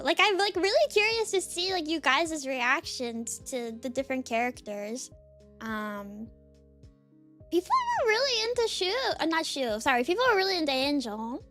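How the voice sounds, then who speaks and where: A woman streamer with a very high, squeaky voice that leaps all over, chatting from her desk in a bubbly, filler-packed way. Soft music plays faintly under her. She cheerfully greets her viewers one after another. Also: very animated, moderate pace. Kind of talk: casual live-stream chat. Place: home desk.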